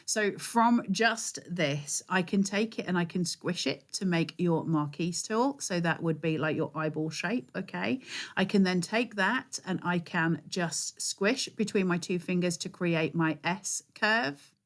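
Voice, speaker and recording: A woman's voice: on the low side, measured pace. A woman with a northern English accent, a guest crafter explaining and demonstrating a technique step by step in a chatty, hands-on way on a live stream.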